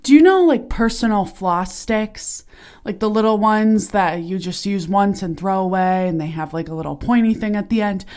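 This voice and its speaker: A woman's voice: mid-range voice, animated, moderate pace, darkish tone. Young woman, podcast host, bubbly, chatty, giggly, casual solo chat, recorded in a small sauna. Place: small turned-off home sauna. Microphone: podcasting equipment while lying on her stomach.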